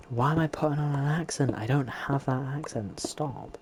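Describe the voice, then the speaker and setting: Speaking at medium pitch and a moderate pace with few pauses, a man gives himself casual running commentary on the game he's playing. He's a streamer in chatty self-talk mode, against a noisy background.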